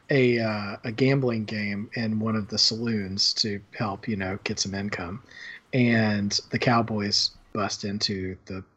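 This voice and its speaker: A man's voice: lowish voice, a bit bright, breathy edge. A man co-hosting a podcast, chatting casually about a film in a rambling way with many fillers and restarts. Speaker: podcast co-host. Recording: dull lo-fi sound.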